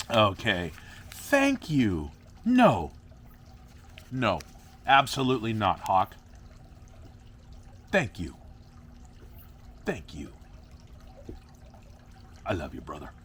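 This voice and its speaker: Goofy young man vlogging plants, rambling, swooping pitch, camera mic. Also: fairly bright tone, a little hiss or hum. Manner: rambling, goofy, talks to himself and viewers. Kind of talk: casual vlog while repotting plants.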